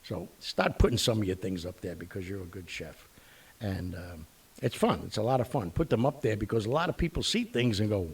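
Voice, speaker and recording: A man's voice: fairly low pitch, fairly quick, slightly rough, recorded from a distance. A man hosting his online show, rambling bluntly with mild curses. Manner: animated, blunt, mildly profane, rambling. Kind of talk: casual rambling monologue.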